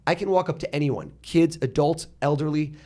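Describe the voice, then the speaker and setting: An American man in his thirties, a podcast guest telling stories in an animated conversational way and acting out what others said. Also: fairly high pitch, a little fast. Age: 30s. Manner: animated, acts out quoted people. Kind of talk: conversational storytelling.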